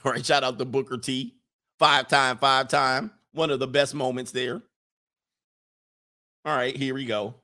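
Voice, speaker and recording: A man's voice: mid-range voice, steady tone, unhurried, pauses often, bright, forceful tone. A man hosting a casual livestream, reading chat comments and giving emphatic opinions, often repeating phrases for effect.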